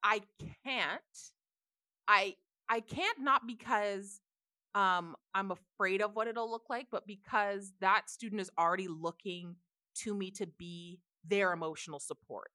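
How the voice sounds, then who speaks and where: A woman's voice: medium pitch, unhurried, sharp tone, no room sound, clean studio sound. A woman co-hosting a podcast, talking candidly and emphatically in casual chat. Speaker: podcast co-host.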